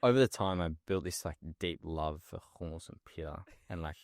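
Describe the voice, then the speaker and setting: A man's voice: sits low, brisk, dry recording. A young Australian man, a guest in a casual interview, telling stories animatedly with lots of fillers and laughs.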